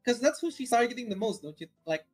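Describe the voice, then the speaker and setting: A mid-pitched speaker chats casually in a hesitant way, with many restarts and fillers. Faint music sits underneath the voice. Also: big pitch swings, fast, breathy edge, rough recording. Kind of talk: casual chat.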